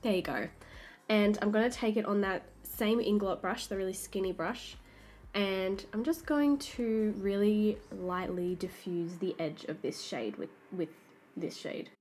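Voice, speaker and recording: A woman's voice: medium pitch, measured pace. Chatty Australian woman explaining makeup. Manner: chatty, explains each step as she works. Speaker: makeup artist. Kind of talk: talk-through makeup tutorial. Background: soft background music.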